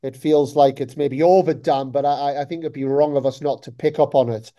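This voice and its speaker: Smooth-voiced tired male podcast host. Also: mid-range voice, steady tone, fairly quick, dark tone. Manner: upbeat, talks in long run-on lists. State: tired after a long flight. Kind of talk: casual chat.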